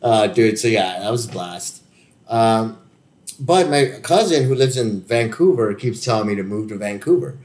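A man's voice: on the low side, expressive, normal speed, darkish tone. A man from the United States, an actor, chatting casually and telling stories, laughing often, swearing, and acting out other people's lines. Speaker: actor, guest. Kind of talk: casual chat, storytelling.

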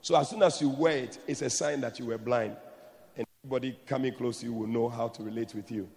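A man preaching a sermon emphatically, moving from soft explanation to shouted blessings. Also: medium pitch, quick pace, gravelly, in a large hall.

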